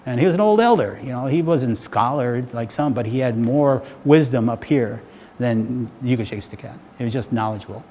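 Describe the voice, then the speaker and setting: A man's voice: medium pitch, expressive, normal speed, dark tone. Middle-aged guy rambling through stories at a talk, keeps saying right?, sounds like a big echoey hall with a little noise. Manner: loose, conversational, asks "right?" often. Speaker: speaker giving a public talk. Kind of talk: rambling spoken storytelling. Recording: hall reverb with faint background noise.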